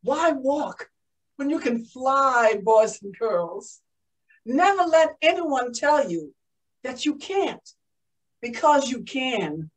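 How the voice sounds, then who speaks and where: A woman's voice: sits high, very animated, takes it slowly, recorded from a distance, full character voice, poor audio. A woman playing a proud, emotional young woman aviator in a first-person living-history monologue. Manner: exclaiming, breathless with joy. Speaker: historical portrayal performer.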